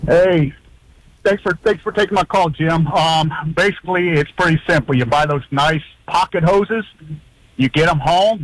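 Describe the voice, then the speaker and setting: A man's voice: on the high side, fairly bright tone, no room sound, low-quality recording. A male caller to a radio show, rambling through a folksy, exasperated complaint. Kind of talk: call-in rant.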